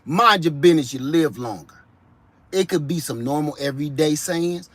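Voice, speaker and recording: Animated male vlogger from Ohio, slangy comic rants, pitched high. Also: normal speed. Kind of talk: comedic monologue.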